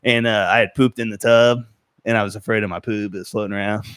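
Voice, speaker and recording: A man's voice: lowish voice, fairly even intonation, fast talker, a bit bright, smooth, dry recording. A man co-hosting a podcast, telling crude childhood stories in a laid-back, profane way. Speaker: podcast co-host. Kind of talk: crude casual banter.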